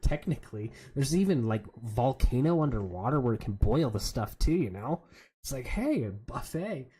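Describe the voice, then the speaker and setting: A man's voice: medium pitch, expressive, normal speed, warm tone, husky. A man chatting casually while playing a game, rambling from one story to the next and laughing often. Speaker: streamer. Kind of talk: casual gaming chat.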